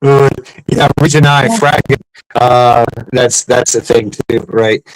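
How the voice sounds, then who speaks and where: A man's voice: mid-range voice, fairly even intonation, takes it slowly, no room sound, low-quality recording. A man telling rambling, profane service stories in a casual chat, with many restarts and fillers. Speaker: podcast host, former Marine.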